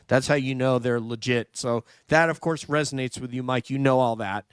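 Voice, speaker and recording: A man's voice: medium pitch, fairly even intonation, normal speed, clear, resonant tone, dry recording, studio quality. A man from New York hosting a casual livestream chat, thanking viewers and reading the live chat aloud. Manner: chatty, reads out live chat. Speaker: livestream host.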